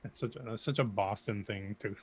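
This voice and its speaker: A man co-hosting a casual live chat, relaxed and joking, stammering on repeated words. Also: on the low side, a little fast, slightly rough. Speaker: co-host. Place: Massachusetts.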